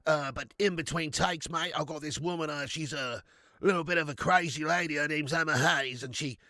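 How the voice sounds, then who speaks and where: A man's voice: fairly high pitch, normal speed, pushed and bright, no echo, studio quality. A man doing an impression of a laid-back, middle-aged Australian football manager, in a broad, exaggerated, slang-heavy drawl. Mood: joking. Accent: put-on Australian.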